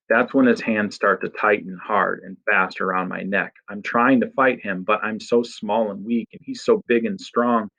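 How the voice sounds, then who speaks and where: A man reading a first-person story aloud in a steady, expressive narration. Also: lowish voice, moderate pace, few pauses, muffled recording. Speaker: audiobook narrator.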